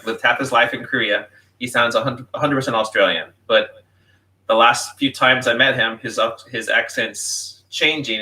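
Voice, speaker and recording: A man, a guest in a casual conversation, explaining things in a dry, measured way. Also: medium pitch, pushed and bright, far from the mic. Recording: voice from farther off the mic.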